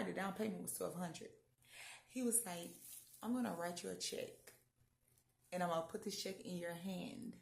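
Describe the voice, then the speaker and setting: Chatty woman with a gravelly voice. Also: on the low side. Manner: animated, chatty, leaps between loud and hushed. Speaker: vlogger. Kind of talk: casual storytelling about faith. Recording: echoey room.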